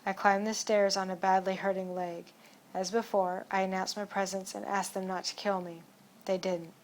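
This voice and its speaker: Woman reading an audiobook in first person, steady, pretty monotone delivery. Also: mid-range voice, moderate pace. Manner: steady, even storytelling. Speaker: audiobook narrator.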